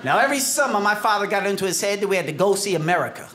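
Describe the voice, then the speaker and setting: Stand-up comic from New York, man, expressive storyteller, live room sound with a crowd. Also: sits high, racing. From New York City. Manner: animated storytelling with put-on voices. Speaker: stand-up comedian. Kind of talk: stand-up comedy set. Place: theater stage with laughing audience. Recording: roomy live venue with audience noise. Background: audience laughter.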